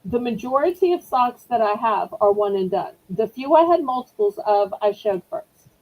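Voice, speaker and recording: A woman's voice: a little high, lively intonation, moderate pace, a little mellow, low-quality recording. A middle-aged woman hosting a live online auction, chatting in a rambling, apologetic way. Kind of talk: live-stream selling chat.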